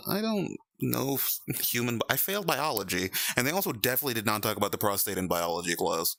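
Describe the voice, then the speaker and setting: A young man streaming in VR, chatting casually with viewers, animated and laughing often. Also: lowish voice, a little fast, dry recording. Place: VR chat stream at home.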